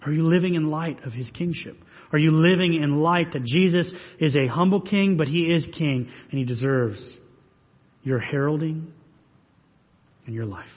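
A man's voice: on the high side, normal speed. A pastor delivering a sermon, preaching earnestly and pressing his listeners with rhetorical questions. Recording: husky voice in long reverb hall, dull sound.

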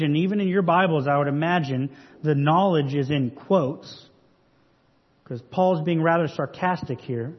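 Husky guy preaching a sermon, kinda high voice, dull recording w/ long church echo. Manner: earnest, measured preaching with rhetorical questions. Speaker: pastor.

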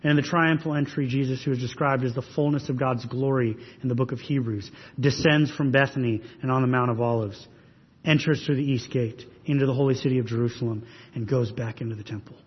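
A pastor preaches a sermon earnestly, pressing his listeners with rhetorical questions. His husky voice is medium in pitch, fairly even and brisk, captured with a dull sound in a long, reverberant hall.

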